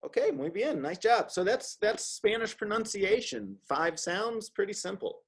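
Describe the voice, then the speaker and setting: A man's voice: high-pitched, animated, unhurried, vocal fry, breathy edge. A man teaching an online Spanish class in a casual, upbeat way, drilling words for his student to repeat. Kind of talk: online language lesson. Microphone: video call.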